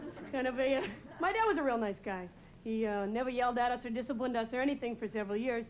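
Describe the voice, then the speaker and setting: A woman from New England doing a rambling stand-up set on a TV stage, full of halting pauses and "uh"s. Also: on the high side, slight background noise, low-quality recording. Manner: rambling, halting delivery with many "uh"s. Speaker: stand-up comedian. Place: TV studio stage before a live audience. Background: audience laughter.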